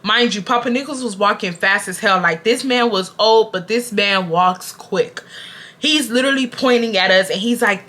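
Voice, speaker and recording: Young woman vlogger, bright and animated, slangy casual storyteller. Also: mid-range voice, moderate pace. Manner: animated, slangy, addresses viewers directly.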